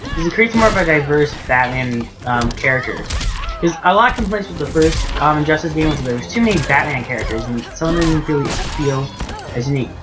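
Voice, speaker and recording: Chatty low-voiced woman commenting on gameplay. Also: expressive, quick pace. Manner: chatty, opinionated, many fillers. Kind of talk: casual let's-play commentary. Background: game music.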